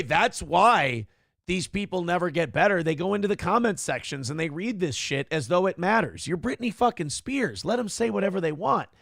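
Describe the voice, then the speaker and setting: A man's voice: a little high, gravelly, fairly bright tone, no room sound. A male morning show host giving comedic, ranting commentary, sarcastic and profane as he mocks celebrities, on a close mic.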